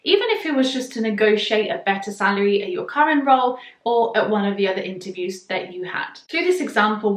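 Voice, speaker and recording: Woman, calm explanatory teacher, talks to the viewer, echoey room. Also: medium pitch. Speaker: human design teacher. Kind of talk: explanatory video lesson.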